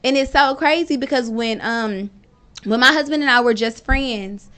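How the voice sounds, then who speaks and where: Bright high-voiced woman telling a story. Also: normal speed, smooth. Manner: emphatic and animated, quoting herself in dialogue. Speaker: panel discussion guest. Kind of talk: casual chat.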